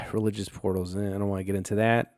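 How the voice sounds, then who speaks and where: A man's voice: fairly low pitch, little pitch movement, a little fast, no room sound, clean studio sound. A man hosting a solo podcast, telling stories in a rambling, profane way full of fillers and restarts. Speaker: podcast host.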